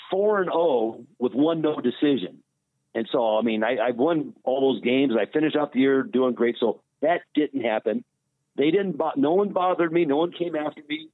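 A man, a former baseball pitcher, telling a story in casual conversation and acting out the dialogue as he goes. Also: no room sound. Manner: animated retelling with quoted dialogue. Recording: tinny phone line, dry.

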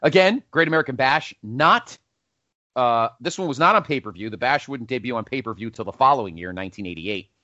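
A man's voice: mid-range voice, brisk, no room sound, muffled recording. A man hosting a casual podcast countdown, rambling and correcting himself as he goes. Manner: rambling, self-correcting, animated. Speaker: podcast host.

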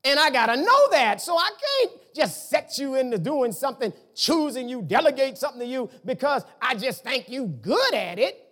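A male pastor preaching a conversational sermon, with sudden rises and drops in loudness as he makes his points. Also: moderate pace, hardly any pauses. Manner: conversational preaching with lively swings in pitch and volume.

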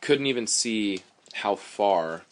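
A man in a casual group chat about a climb, talking in a measured way with frequent hesitations. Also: fairly low pitch, expressive. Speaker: rope and safety handler.

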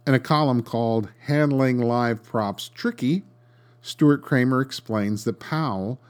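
A man's voice: medium pitch, unhurried. A man hosting a podcast, reading a scripted history narration with dry, sarcastic asides. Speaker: podcast host.

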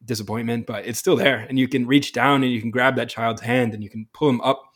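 A man's voice: medium pitch, steady tone, a little fast, fairly bright tone. A man hosting a casual podcast conversation, talking enthusiastically and laughing often between thoughts.

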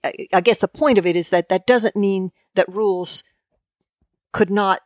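A woman, a guest in a conversational interview, talking in halting bursts full of restarts and fillers. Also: mid-range voice, a little mellow, dry recording, studio quality. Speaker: guest lexicographer.

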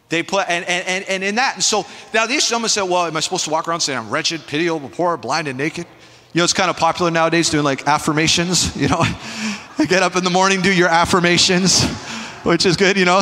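A male pastor preaching a sermon in an animated, emphatic, conversational way, with asides to the congregation, in a church sanctuary. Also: high-pitched, moderate pace, big-room sound.

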